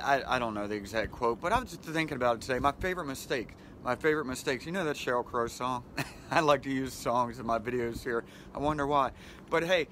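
A man's voice: medium pitch, a bit bright, slight background noise. A middle-aged man hosting a casual motivational vlog outdoors by the water, talking into a handheld phone in a friendly, rambling way with frequent chuckles. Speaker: vlog host. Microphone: handheld phone camera.

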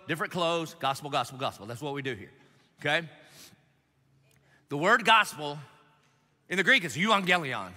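Bright, high-voiced male pastor preaching. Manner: animated, joking, emphatic and direct with the congregation. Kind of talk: lively preaching sermon. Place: large church auditorium. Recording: long reverb of a large church hall.

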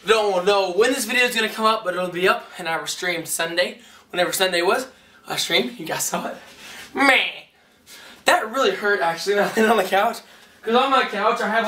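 A young man giving a rambling, excitable vlog update, heard through a camera mic a little way off. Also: high voice, distant mic. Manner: rambling, excitable, self-correcting. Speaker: vlogger.

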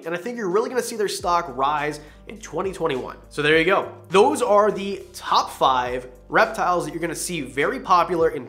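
A man's voice: fairly high pitch, fairly bright tone. A young man hosting a reptile channel, talking casually and enthusiastically in a rambling way. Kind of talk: casual vlog talk.

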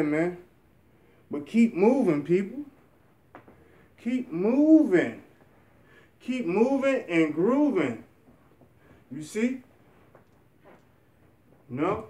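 In a motivational vlog, a young man speaks in a fairly high voice, earnest and encouraging but rambling, often starting his sentences over. The mic is a bit far from him, letting the room echo come through.

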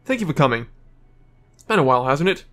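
A man's voice: fairly high pitch, big pitch swings, fast talker, fairly bright tone. A man reading game lines as an eager male professor, stumbling over place names. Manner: reads dialogue aloud, stumbles over names.

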